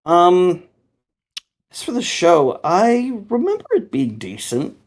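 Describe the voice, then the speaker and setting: A man co-hosting a casual chat, animated and mocking, swearing freely. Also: sits high, takes it slowly. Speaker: co-host.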